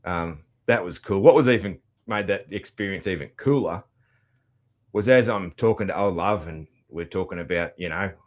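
A man's voice: deep voice, normal speed. A man with an Australian accent giving a casual, rambling travel recap, swearing freely with many ums and restarts. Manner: loud, chatty. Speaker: vlogger.

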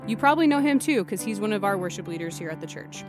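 A woman's voice: mid-range voice, expressive, fast. A woman co-hosting a church podcast, upbeat and chatty in casual conversation. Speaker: podcast co-host. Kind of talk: casual chat. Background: guitar music.

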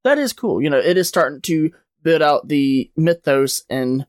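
A man with a fairly high voice rambles through a comic book recap in a loose, conversational way, leaning on fillers as he goes. The sound is close and dry, with no room echo. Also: animated, normal speed. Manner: rambling retelling, many "like" and "uh" fillers. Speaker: podcast host.

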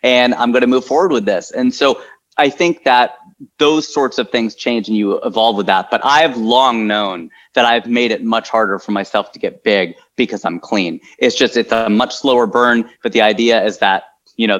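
A man who is a comedian, chatting in an interview and telling stories in an animated way, jumping into high voices for quotes. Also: moderate pace, dull audio. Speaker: comedian guest. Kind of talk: casual interview talk.

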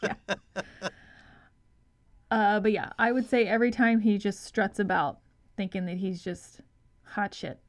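A woman's voice: medium pitch, a little slow, long pauses. Dry, sarcastic woman co-hosting a podcast. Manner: dry, sarcastic, unimpressed, swears. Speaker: podcast co-host. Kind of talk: casual chat about a film.

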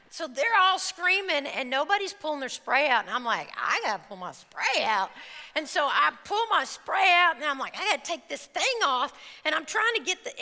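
A woman preacher telling an animated personal story in a sermon, acting out the scenes before turning to scripture. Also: fairly high pitch. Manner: animated storytelling, acts out screams and quotes. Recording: reverberant hall.

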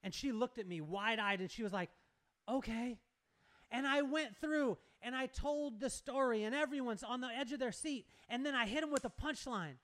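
A man's voice: very high voice, a little fast, few pauses, fairly bright tone. A man telling a story with animation in a casual chat, acting out dialogue and laughing often. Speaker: guest speaker.

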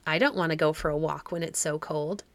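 A woman's voice: low-pitched, steady tone, brisk, no room sound, voice pushed down. A woman reading a storybook aloud, voicing a bored, spoiled little girl who speaks petulantly. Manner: petulant, then softly whispering. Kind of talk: audiobook reading.

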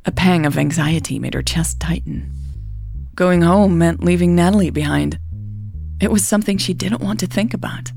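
Romance audiobook narrator, woman, deep and slightly creaky, calm and steady. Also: normal speed, soft background music.

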